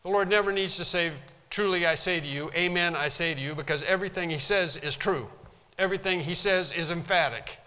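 A man's voice: high-pitched, brisk, bright, forceful tone, clean tone, long reverb tail. A man preaching a sermon as pastor from a pulpit, in an emphatic manner that stresses single words and sometimes pounds the pulpit. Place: church sanctuary.

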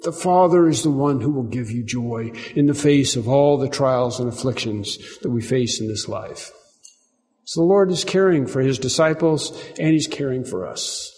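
A man's voice: moderate pace, a little mellow, in a large hall. A man preaching a sermon and leading prayer, earnest and repetitive, rising for emphasis. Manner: earnest, repeats phrases, rises in pitch and volume for emphasis. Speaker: pastor.

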